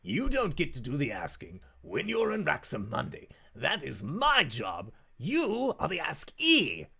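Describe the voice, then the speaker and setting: A man voicing a boisterous, theatrical ancient male demon lord in a tabletop game, booming and shouting his demands. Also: wildly swooping pitch, a little slow, gravelly, husky, exaggerated voice.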